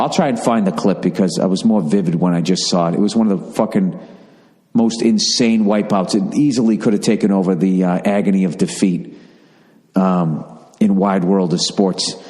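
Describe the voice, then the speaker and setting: A middle-aged man talks through a loose, profane podcast monologue, drifting from one story to the next as he reads out listener messages. His voice sits fairly low, and a long reverb trails after his words. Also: darkish tone. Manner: rambling, profane, reading listener requests aloud. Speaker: podcast host.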